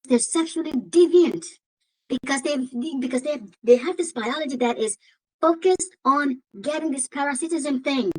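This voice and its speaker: A woman's voice: high voice, normal speed, darkish tone, low-quality recording. A woman with an African accent hosting a commentary vlog, emphatic and given to repeating phrases and exclaiming. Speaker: host.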